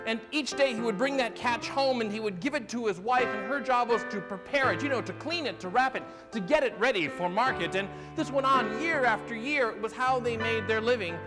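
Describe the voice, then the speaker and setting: Theatrical male storyteller, high voice. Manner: animated, theatrical, with sudden loud bursts and slow drawn-out phrases. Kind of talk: live dramatic storytelling. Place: festival main stage, large hall. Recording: live hall reverb with piano accompaniment. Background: improvised piano.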